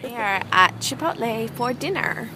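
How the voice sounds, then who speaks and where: A woman's voice: on the high side, animated, moderate pace, background noise. A woman vlogging in a casual, chatty way, laughing often as she talks. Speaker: beauty vlogger. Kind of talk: casual vlog chat.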